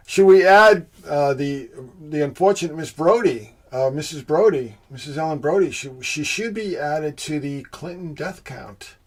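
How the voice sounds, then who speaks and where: On a casual livestream where he reads viewer comments, the male host speaks in a somewhat high, slightly mellow voice. Breathless and congested, he stumbles through plenty of fillers, calls out viewers by name with thanks, and slips in insinuating remarks.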